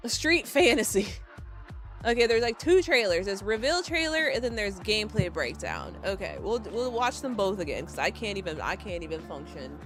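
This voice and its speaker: A young woman streaming live, teary and excitable, rambling and giggling as she reacts. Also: mid-range voice, normal speed, soft background music. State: teary from crying.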